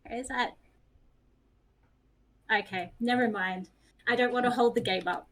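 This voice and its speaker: A woman's voice: on the high side, a little slow, a bit bright, low-quality recording. A woman player in a tabletop game, chatty and self-deprecating as she describes her actions.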